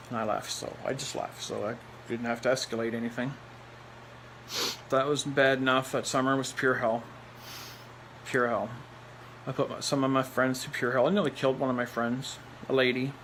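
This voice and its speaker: A man's voice: mid-range voice, a bit bright, slight background noise, low-quality recording. Blunt rambling man telling his story. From Nova Scotia, Canada. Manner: blunt, rambling, repeats phrases for emphasis; laughs between lines. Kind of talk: personal storytelling monologue.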